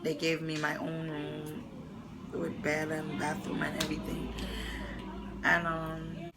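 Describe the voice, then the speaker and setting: A young adult woman telling a painful personal story to camera, close to tears, halting with many pauses and fillers. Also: low-pitched, monotone, over loud music, poor audio. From New York. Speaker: vlogger.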